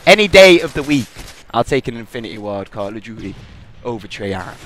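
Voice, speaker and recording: A man's voice: mid-range voice, big pitch swings, fairly quick, fairly bright tone, soft background music. A young man hosting a gaming podcast, rambling and trash-talking over his gameplay. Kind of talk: gameplay commentary with banter. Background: gunfire from the game.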